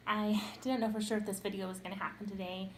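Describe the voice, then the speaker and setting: A woman's voice: mid-range voice, little pitch movement, fast, noisy background. Young adult woman, parenting vlogger; chatty, unpolished delivery with fillers and restarts. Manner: chatty, with frequent ums and self-corrections. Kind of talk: casual talk to camera.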